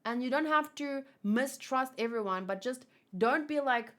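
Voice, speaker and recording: Young woman chatting thru a comic read-along, kinda high voice, blurts stuff out. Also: lively intonation, moderate pace, hardly any pauses, fairly bright tone. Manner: chatty, exclamatory, loose asides.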